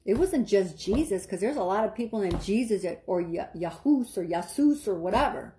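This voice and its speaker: In a dramatic, urgent online sermon, a woman preacher repeats phrases and talks straight to her listeners in a direct, casual way. Her mellow mid-range voice is expressive and moves at a normal speed, with slight background noise.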